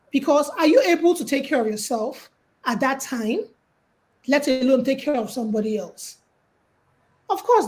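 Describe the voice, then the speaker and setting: A woman's voice: high voice, low-quality recording. A Nigerian woman giving casual life and money advice on a call, telling stories and acting out quotes. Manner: lively, storytelling with acted-out quotes. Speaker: guest speaker.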